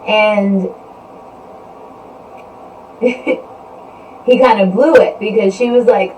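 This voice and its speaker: A woman hosting a podcast tells a story in a loose, rambling monologue, repeating "you know" constantly. Her mid-range, darkish voice stays fairly even and moves very slowly with frequent pauses. It's a live stream recorded indoors, with roomy echo, faint noise, and the mic far from her.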